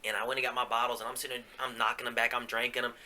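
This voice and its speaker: A man's voice: medium pitch, flat delivery, rapid-fire, bright, forceful tone, a little hiss or hum. A man hosting a podcast, telling a candid personal story in a casual, profane, confessional way with plenty of fillers. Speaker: podcast host.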